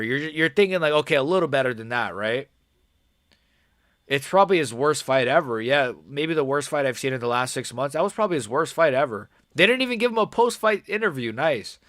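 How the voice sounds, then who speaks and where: Young male streamer, rambling frustrated fight reactions, dry close mic, mid pitch. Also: fairly bright tone, no room sound. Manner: frustrated, profane, rambling with many fillers. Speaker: livestreamer watching a fight. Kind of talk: casual live-stream reaction commentary.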